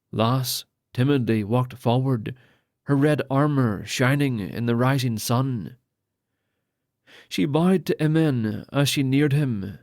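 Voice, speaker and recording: A man reads an epic fantasy novel aloud in a steady, measured way. His voice sits at a middling pitch, and the recording is dry, with no room sound. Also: no echo. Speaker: audiobook narrator. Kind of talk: scripted narration.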